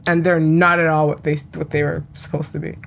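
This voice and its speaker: A woman in casual conversation about a TV drama, animated and laughing often, acting out quotes. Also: low voice, a little fast, creaky.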